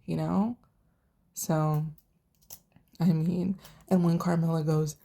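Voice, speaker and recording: A young woman chats through her thoughts on a TV show, swearing freely and slipping into the characters' lines as she retells scenes. She talks slowly, and her voice has a dark, mellow tone. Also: deep voice, creaky. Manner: chatty, profane, animated retelling with quoted voices. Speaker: TV reviewer. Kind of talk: casual vlog recap.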